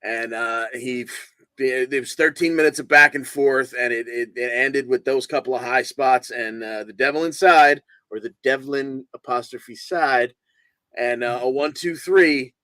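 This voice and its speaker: Bright, dry-voiced man recapping matches. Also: medium pitch, unhurried, no room sound. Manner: relaxed, rambling play-by-play with fillers. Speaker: podcast co-host. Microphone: video call.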